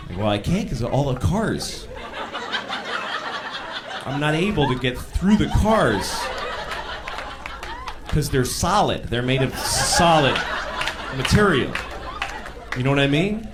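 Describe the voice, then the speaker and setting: A man doing a stand-up comedy routine on a club stage, animated and sometimes shouting. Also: mid-range voice, unhurried, pauses often. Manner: animated, bursts into shouted impressions. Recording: live club with crowd laughter and noise. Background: audience laughing.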